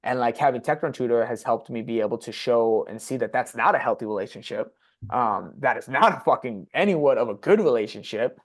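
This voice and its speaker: A man's voice: medium pitch, lively intonation, a little fast. Blunt, swearing young man telling his story. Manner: blunt and profane, heavy use of "like". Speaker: podcast guest sharing his story. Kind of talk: candid personal storytelling.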